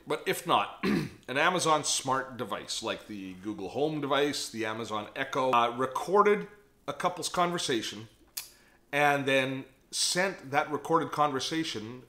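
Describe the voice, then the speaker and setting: A man with a bright, forward voice gives casual tech commentary straight to the camera. He is chatty and animated and often pauses to think aloud. The room adds a noticeable echo. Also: mid-range voice. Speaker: tech vlogger. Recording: echoey room.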